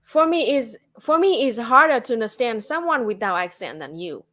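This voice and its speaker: A woman's voice: on the high side, lively intonation, normal speed, a bit bright. A woman from Vietnam with a Vietnamese accent, talking casually on a livestream and filling her speech with "like" and "you know". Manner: chatty, frequent fillers like "like" and "you know". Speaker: streamer.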